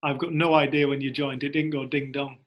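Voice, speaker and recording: A man's voice: medium pitch, level tone, fairly quick, lo-fi sound. A man, leading a community group in casual storytelling talk and animatedly acting out what other people say. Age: 40s.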